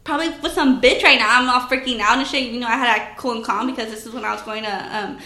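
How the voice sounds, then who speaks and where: A young woman telling stories in casual chat, animated, swearing heavily and laughing often. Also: on the high side, fast, reverberant. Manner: animated storyteller, heavy swearing, laughs a lot.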